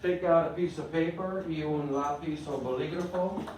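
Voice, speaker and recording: A man with a fairly high, steady, darkish voice lectures a Spanish class at a moderate pace. He explains grammar step by step and often checks for understanding. The echoey room and distant mic pick up slight background noise.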